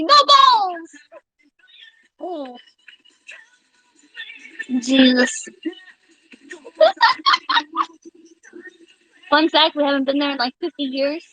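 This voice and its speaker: A woman streaming live, chatting casually with her viewers in an excitable, rambling and profane way, reading out donations. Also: extremely high pitch, a little slow, long pauses, no room sound, soft background music, poor audio.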